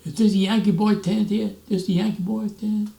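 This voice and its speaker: A man's voice: high-pitched, flat delivery, moderate pace, creaky, mellow, voice pushed up. A man in his nineties quoting a baffled, grumpy young southern soldier in a raised voice. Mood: bewildered. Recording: roomy echo, mic at a distance.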